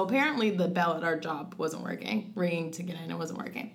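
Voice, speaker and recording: A young woman, a guest sharing a personal story in casual conversation, fills her speech with "like" and acts out her own past thoughts in quotes. She rushes through phrases, then slows on key words. Her voice is on the low side and a bit bright.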